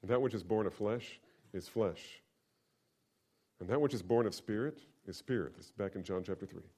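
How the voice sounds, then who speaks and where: A middle-aged man preaching a sermon. He repeats key lines for emphasis and swings between loud and hushed. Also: fairly low pitch, normal speed, breathy edge. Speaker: pastor.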